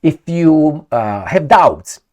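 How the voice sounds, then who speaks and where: A man with a Romanian accent hosts a casual commentary show. His voice swings widely in pitch as he talks. He is blunt and crude, and he mocks the people he talks about. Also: sing-song, slow pace, mellow. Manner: blunt and crude, with mocking asides; shows a map while talking. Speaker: political commentator host.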